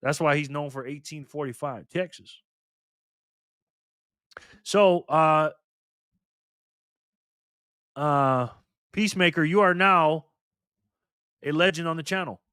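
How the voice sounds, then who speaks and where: A man's voice: a little high, slow pace, long pauses, bright, forceful tone, clear, resonant tone, no echo, clean studio sound. A man in his fifties hosting a live stream, chatting casually with viewers and reading their comments aloud in loose, streetwise talk. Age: 50s.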